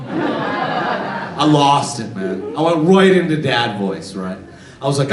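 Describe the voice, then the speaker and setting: A man's voice: on the high side, big pitch swings, normal speed. A man in his forties doing a stand-up comedy set on a theater stage, telling stories in a chatty way and acting out family dialogue. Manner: conversational storytelling, acts out family dialogue. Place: theater stage with a live audience. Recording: roomy theater sound from a distance.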